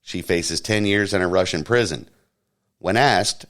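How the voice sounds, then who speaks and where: Deep-voiced man reading mock news. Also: a little slow. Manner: deadpan mock newsreader, puts on silly voices for quotes. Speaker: podcast host. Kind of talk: satirical news segment.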